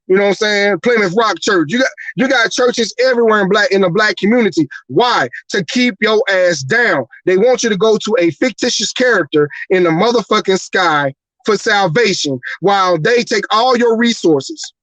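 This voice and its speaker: A man with a raised, high-set voice delivers a heated rant as host of a live talk show. He is profane and fired up, and keeps hammering rhetorical questions. The sound is dry and close. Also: animated, normal speed, fairly bright tone, no room sound, poor audio.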